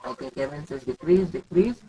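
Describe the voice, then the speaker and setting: A man's voice: on the high side, lively intonation, brisk, mellow, slight background noise, poor audio. A young man with an Indian English accent teaching chemistry in a live online class, calling on students by name and repeating his questions.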